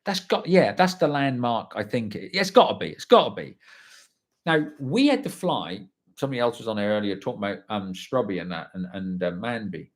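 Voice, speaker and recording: A man's voice: fairly low pitch, sing-song, fairly quick. A man, telling a story on a livestream and reading out viewer comments, chatty and blunt, swearing freely. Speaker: livestream host.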